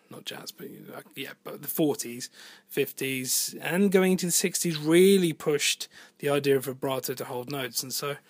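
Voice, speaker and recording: A man's voice: a little high, dry recording. A man, a singer-songwriter, talking casually about making his album, thinking aloud, rambling and swearing now and then. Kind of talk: casual spoken monologue about album production. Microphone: home voice recording.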